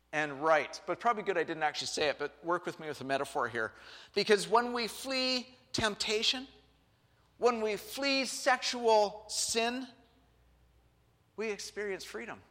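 Male pastor, high bright voice, chatty sermon with asides, big reverberant hall. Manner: lively, conversational, joking asides. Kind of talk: sermon and live interview. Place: church sanctuary.

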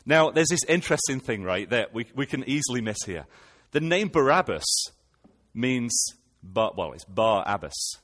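A man's voice: mid-range voice, very animated, moderate pace, fairly bright tone, in a large hall. A man preaching a sermon, retelling scripture and posing rhetorical questions to his listeners.

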